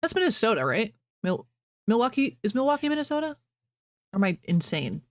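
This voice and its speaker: A woman's voice: fairly high pitch, big pitch swings, brisk, dry recording. A woman streamer chatting casually to her viewers from her home office, bubbly, rambling and self-deprecating. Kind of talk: casual live-stream chat.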